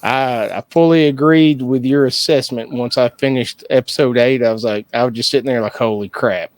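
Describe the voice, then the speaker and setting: A man's voice: mid-range voice, brisk, no echo. A laid-back man casually chatting about a cartoon series, agreeable and laughing along with his co-host. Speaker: podcast co-host. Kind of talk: casual recap chat.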